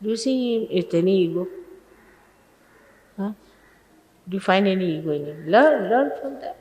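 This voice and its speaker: A woman's voice: medium pitch, animated, moderate pace, mellow, echoey room, big-room sound, rough recording. An older woman giving an informal sermon to her followers as a spiritual teacher, emphatic and scolding, full of rhetorical questions, in an old archive recording.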